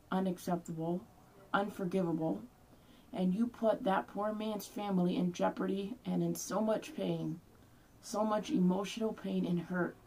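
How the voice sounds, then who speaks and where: A woman's voice: lowish voice, darkish tone. A young woman speaking in an angry, heated vlog rant, swearing often. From Hispanic background. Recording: voice somewhat far from mic.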